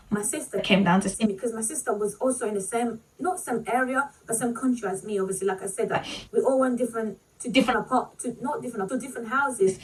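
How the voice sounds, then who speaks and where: A woman with a fairly high voice tells a painful personal story to her viewers. She is fighting back tears and speaks haltingly, leaning on "like" and "you know." Her voice sits a little distant from the mic. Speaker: vlogger.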